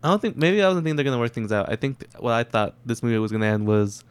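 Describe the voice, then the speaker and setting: A man's voice: mid-range voice, very fast, clean tone, dry recording. A man in a casual movie discussion, laid-back, often saying "dude" and "like".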